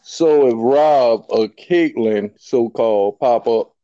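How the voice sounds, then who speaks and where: Male podcast host, mellow tone, crude banter, no front teeth right now, dry lo-fi sound. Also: mid-range voice, slow pace, dry recording. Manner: crude joking, laughs often. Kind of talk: casual chat.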